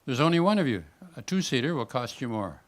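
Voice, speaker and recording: A man's voice: mid-range voice, big pitch swings, fairly quick, natural voice. A man reading aloud and voicing a polite male salmon who runs a kayak rental kiosk. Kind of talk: reading a comic story aloud.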